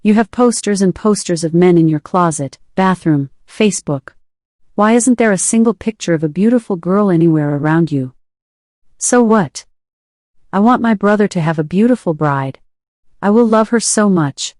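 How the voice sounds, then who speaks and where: A woman voicing a possessive older sister who pleads and insists, read in her own lowish voice. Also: animated, moderate pace, darkish tone, no room sound, clean studio sound, natural voice. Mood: pleading. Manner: insistent, coaxing.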